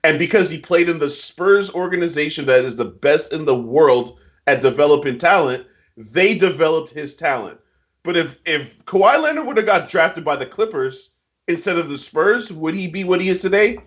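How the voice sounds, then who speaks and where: A man's voice: animated, normal speed, a bit bright. A man co-hosting casual basketball chat, giving emphatic, slangy opinions. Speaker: NBA picks co-host. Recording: muffled low-fidelity audio.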